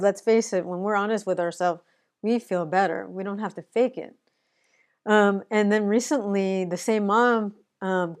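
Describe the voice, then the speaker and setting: A woman's voice: mid-range voice, a little mellow, clear, resonant tone. A woman who works as an autism educator, talking earnestly and conversationally to the camera about honesty with feelings. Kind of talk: casual personal talk to camera.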